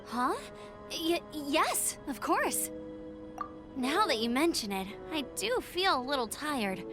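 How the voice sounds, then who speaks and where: A woman's voice: sits high, very animated, takes it slowly, music in the background, exaggerated voice. A woman voicing an eager, bubbly young scout in a video game. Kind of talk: game voice acting.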